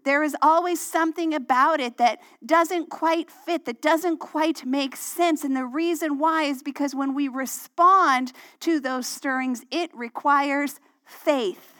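A middle-aged woman pastor, preaching a sermon and telling a personal story in a conversational way that turns animated when she acts out dialogue. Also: high-pitched, takes it slowly, hardly any pauses.

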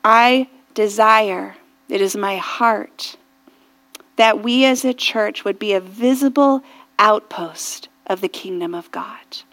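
A woman pastor preaching a sermon earnestly and reflectively, often dropping to a hushed near-whisper and rising to fervent prayer. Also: mid-range voice, slow pace. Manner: rises to fervent intensity in prayer.

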